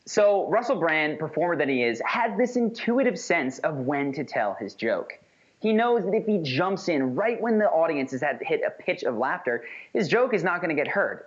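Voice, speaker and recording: A man's voice: fairly high pitch, highs cut off. A man giving a recorded course lecture, explaining with acted-out examples. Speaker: communication instructor.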